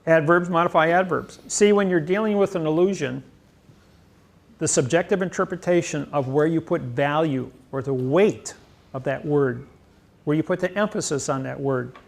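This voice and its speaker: A man's voice: on the high side, vocal fry. A man lecturing on grammar, rambling emphatically and boasting about himself. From United States. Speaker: seminar lecturer.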